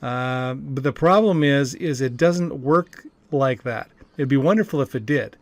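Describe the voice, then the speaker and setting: A man's voice: medium pitch, unhurried, no echo. A man coaching about network marketing in a rambling, casual way, with many fillers and restarts. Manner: rambling, frequent fillers and restarts, chuckles often. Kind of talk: casual talking-head monologue.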